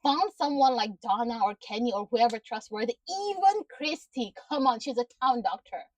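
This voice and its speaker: A woman's voice: on the high side, animated, normal speed, recorded from a distance, rough recording. A woman giving a casual recap of a TV episode, ranting in exasperation with frequent swearing and laughter. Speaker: show reviewer.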